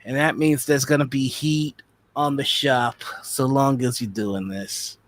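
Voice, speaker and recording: A man running a tabletop role-play game, voicing a gruff shopkeeper in halting, restart-filled speech. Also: mid-range voice, fairly even intonation. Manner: halting, full of restarts, swings loud when upset. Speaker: game master.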